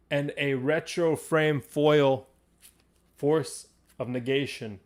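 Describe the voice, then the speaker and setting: A young man with a medium-pitched voice hosts a live stream as game master. He swings between hushed, suspenseful fantasy narration and excited chat with his viewers.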